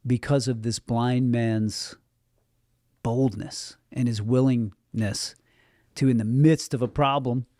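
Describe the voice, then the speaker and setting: A male pastor delivering a sermon in an earnest, conversational way, with light touches of humor. His voice is mellow and warm rather than bright. The sound is close and dry, with little room echo. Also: mid-range voice.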